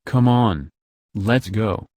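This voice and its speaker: A man's voice: fairly low pitch, extremely slow, a little mellow, no room sound. A man reading as an urgent, reckless young lover.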